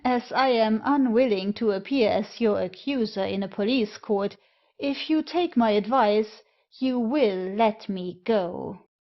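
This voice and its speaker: A woman's voice: mid-range voice, measured pace, hardly any pauses, natural voice. A woman reading the part of a haughty male traveller who speaks with icy, formal politeness. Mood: coldly polite. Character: cold, haughty male fellow traveller, coolly superior. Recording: dull lo-fi recording.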